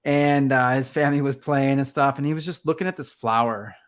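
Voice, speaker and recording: Brisk and mid-range in voice, this conservation photographer chats casually while being interviewed. He tells his stories in an animated way, acting out how he responded.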